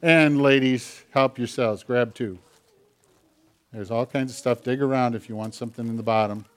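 A man's voice: medium pitch, steady tone, normal speed. Man pastor, playful with children. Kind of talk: scripture reading and children's sermon.

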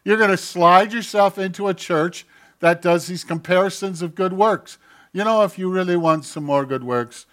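A man preaching a sermon, swinging from loud mocking outbursts to quiet asides and acting out quoted voices. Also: sits high, normal speed. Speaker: pastor.

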